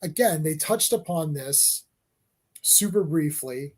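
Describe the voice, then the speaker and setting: A man co-hosting a casual wrestling chat, rambling excitedly and acting out imagined scenes with lots of fillers. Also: on the high side, slow. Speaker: co-host.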